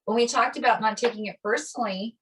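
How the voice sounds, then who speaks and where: A middle-aged woman co-hosting a casual conversation, telling a personal story with animated delivery and acting out the voices of people she quotes. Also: a little high, fast, slight background noise. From Italian American. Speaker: podcast co-host. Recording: voice a bit distant from the mic.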